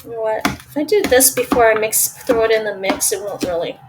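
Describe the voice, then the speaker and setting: A woman's voice: a little high, brisk, far from the mic, heavy background noise. A woman, chatting casually and thinking aloud while she cooks at home and answers her stream chat. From Toronto, Canada. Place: home kitchen.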